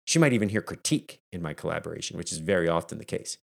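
Man, fairly low voice, podcast host, energetic, conversational, coaching tone. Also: racing, creaky. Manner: energetic and conversational, acting out quoted family moments. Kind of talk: solo podcast talk.

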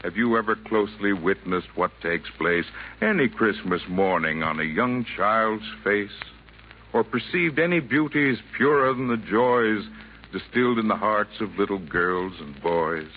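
A man playing a calm, wise Santa Claus in 1940s radio acting, gently lecturing in rhyming verse, on a tinny old broadcast with faint hiss. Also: on the low side, unhurried, natural voice. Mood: earnest.

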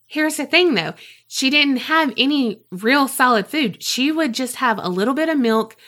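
A woman co-hosting a podcast, telling a story in casual chat, animated and swearing freely. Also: sits high, normal speed. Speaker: podcast co-host.

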